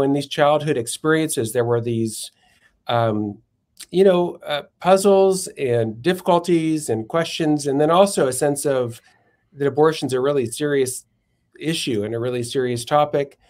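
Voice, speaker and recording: This guest, a philosopher and writer on a podcast, tells stories reflectively and now and then gropes for the right phrasing. His voice sits a little high, with a darkish tone and a moderate pace.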